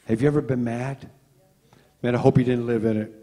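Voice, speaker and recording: A middle-aged man preaching a sermon as a pastor, telling stories with animated swings from loud to hushed. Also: mid-range voice, a little fast, big-room sound. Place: church sanctuary.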